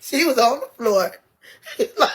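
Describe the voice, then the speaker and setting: A woman telling a story in a casual, animated way, laughing often and swearing freely. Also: on the high side, takes it slowly, slightly rough. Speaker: guest.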